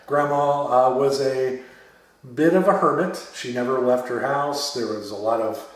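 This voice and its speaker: A man hosting a horror podcast talks through a film review in a loose, rambling way, full of uh and um, with some blunt swearing. His voice sits back from the mic and rings in a very echoey room. He talks at an ordinary pitch for a man. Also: measured pace, recorded from a distance. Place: his home den filled with memorabilia.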